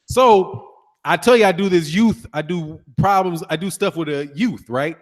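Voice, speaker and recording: A man's voice: fairly high pitch, normal speed, in a large hall. A man hosting a boxing talk show, chatting casually and telling stories with frequent laughter and swearing. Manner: animated storytelling, laughs often, swears casually. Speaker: boxing channel host. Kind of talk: casual livestream chat reading comments.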